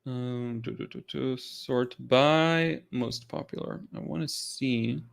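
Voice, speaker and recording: Guy doing a chill art q&a stream, kinda tired, rambly, keeps restarting sentences, mid pitch. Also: slow pace, vocal fry, smooth. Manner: enthusiastic, rambling with restarts and fillers. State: tired, yawning. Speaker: artist hosting a live Q&A. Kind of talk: casual livestream chat.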